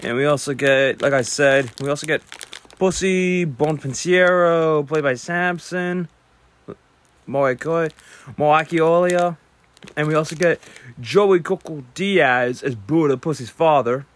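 Young male podcast host, slightly high voice, loose rambling review delivery. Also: slow. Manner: rambling, chatty, with self-corrections and restarts. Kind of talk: casual spoken movie review. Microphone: podcast microphone.

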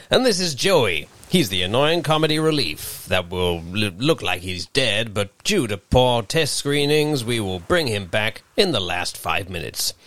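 Wry, low-voiced man hamming up a sea captain. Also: fairly bright tone, no echo. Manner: wry, mock-heroic. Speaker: podcast co-host. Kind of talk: comedic role-play parody.

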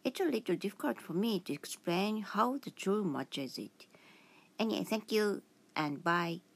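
Female caller, low husky voice with fry, careful halting delivery. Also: lively intonation. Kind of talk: voice message.

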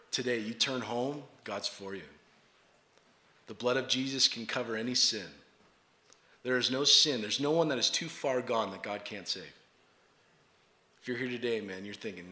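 A young adult man preaching a sermon. He tells a personal story with energy and then turns to a low, earnest appeal. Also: moderate pace, long pauses, echoey room. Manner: animated storytelling, laughing and loud as he acts out the scene. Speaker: pastor.

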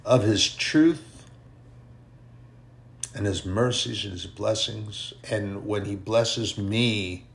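Slow, low-voiced male preacher. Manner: fervent, repetitive emphasis. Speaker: preacher and podcaster. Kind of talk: sermon.

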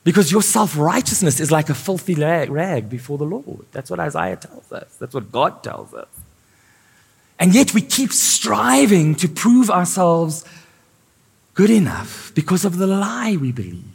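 A man's voice: high voice, big pitch swings, unhurried, creaky, slightly rough. A male pastor preaching a sermon, asking his congregation questions as he goes. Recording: live church sound with long reverb.

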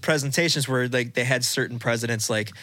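Bright-voiced swearing podcast host man. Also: mid-range voice, a little fast, no room sound. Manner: animated, swears freely, laughs mid-story. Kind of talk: casual chat, storytelling.

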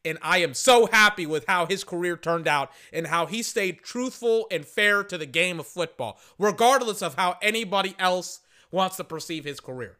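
Casting: hoarse male podcast host, sports rant, high and bright voice, emphatic and repetitive. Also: lively intonation, normal speed. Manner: passionate and emphatic, heavy repetition. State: hoarse, losing his voice.

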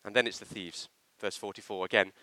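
A man preaching a sermon in a church, with an animated, emphatic delivery that slips into acted quotations. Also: fairly low pitch, brisk, dry recording.

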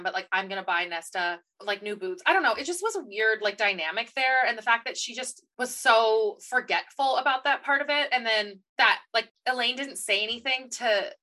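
Bright, ranting woman podcast co-host. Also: on the high side. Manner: animated, ranting, acts out characters in quotes. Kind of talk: casual book discussion.

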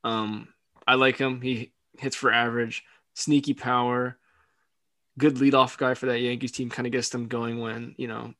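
Young male podcast co-host, easygoing and giggly, mid-pitched, dry close recording. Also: level tone, moderate pace, bright, forceful tone, no room sound. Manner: laughs often, hedging fillers. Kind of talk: casual sports podcast chat.

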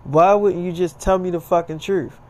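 A man's voice: sits high, fairly even intonation, moderate pace, voice pushed up, natural voice. A man voicing an angry young man who curses and talks indignantly, in a casually told story. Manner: indignant, profane.

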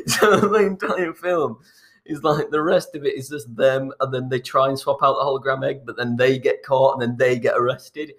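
A man chatting casually as he retells a film plot, his voice sitting at an ordinary middle pitch. He rambles along, trips over his words, and chuckles to himself as he goes. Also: fairly quick. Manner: rambling, restarts often, chuckles while telling.

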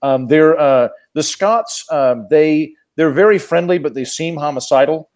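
Male comedian, slightly high voice, rambling, self-deprecating, casual podcast chat. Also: unhurried, a little mellow. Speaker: guest comedian.

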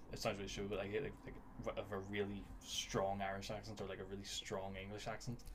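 A man's voice: on the low side, monotone, fast, noisy background. A man as a guest on a podcast in casual chat, blunt and contrarian, dismissing what others like.

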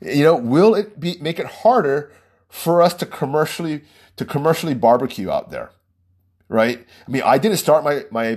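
A man's voice: mid-range voice, darkish tone, slightly rough. A man hosting his own small podcast, giving a heated, rambling political monologue and laughing between points. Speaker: podcast host.

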